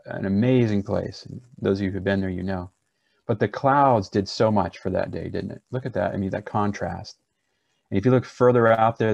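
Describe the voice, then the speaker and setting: Low, gravelly-voiced man teaching preachers. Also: darkish tone, dry recording, lo-fi sound. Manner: earnest, conversational, with many restarts. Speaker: pastor teaching a preaching seminar. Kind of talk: seminar teaching.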